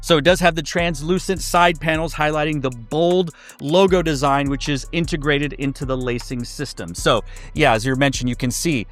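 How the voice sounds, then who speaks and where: A man's voice: a little high, moderate pace, faint music behind. A man giving a casual sneaker review, chatty and loose, with many fillers and restarts.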